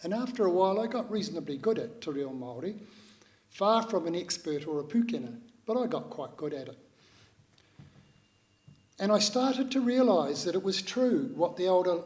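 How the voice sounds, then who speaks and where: Older New Zealand man, public speaker, thoughtful and halting, pitched a little high. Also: darkish tone. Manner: measured, reflective, with many pauses and hesitations. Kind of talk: personal talk to an audience.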